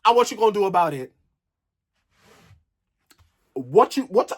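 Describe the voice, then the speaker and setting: A young man with a fairly high voice delivers a sassy, exasperated reality TV review. He talks straight at the people on the show as though they could hear him. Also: lively intonation, moderate pace, long pauses, a bit bright, slightly rough. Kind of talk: animated solo review rant.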